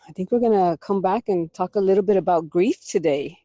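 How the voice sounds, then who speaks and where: A woman's voice: fairly low pitch, a little fast, dark tone, dry recording, muffled recording. A woman co-hosting a casual podcast who is a little sick and holding back a cough. She laughs easily and slips Spanish words into her English. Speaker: podcast co-host.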